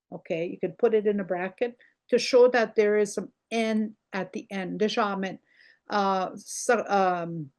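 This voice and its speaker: A woman's voice: medium pitch, darkish tone. An older woman teaching a language lesson, patiently repeating words and checking in with "okay?" as she goes.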